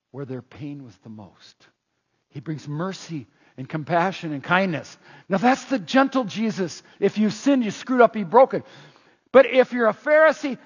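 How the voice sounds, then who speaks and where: A man's voice: extremely high pitch, slightly rough. A male preacher giving a sermon, telling stories animatedly and often stumbling over repeated words. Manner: animated storytelling, acts out scenes, frequent stammered restarts. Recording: muffled, long hall reverb.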